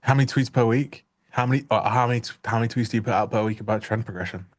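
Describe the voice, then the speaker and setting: Young male stream co-host, lowish voice, rambling jokey banter. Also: racing. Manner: joking, rambling, self-interrupting. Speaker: livestream trading co-host. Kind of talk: casual live-stream chat.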